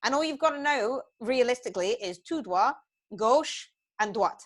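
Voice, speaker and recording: A woman's voice: fairly high pitch, moderate pace. A woman, chatting casually on a podcast and acting out the people in her stories. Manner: animated storyteller, acts out voices, swears freely.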